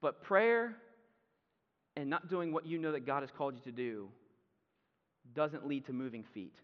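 A pastor giving a conversational sermon with casual asides. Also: male voice, medium pitch, moderate pace. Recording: muffled sound with long hall reverb.

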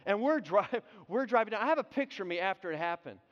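A man preaching a sermon, telling a story in an animated way, often repeating and restarting his words. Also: sits high, fast. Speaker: pastor. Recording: dull sound with long hall reverb.

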